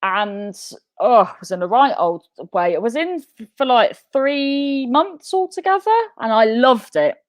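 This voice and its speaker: A woman spins a comic tale about herself, chatty and self-mocking and quick to laugh. Her pitch jumps about as she talks. The sound is dry and close. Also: lively intonation, dry recording. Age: 30s. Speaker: guest telling her story. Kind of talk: comic storytelling in conversation.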